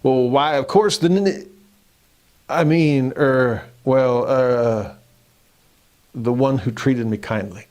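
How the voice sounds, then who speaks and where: A man's voice: medium pitch, darkish tone, natural voice. A man voicing a flustered Sunday school teacher who stammers and fumbles over his fillers. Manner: stammering, halting, full of fillers.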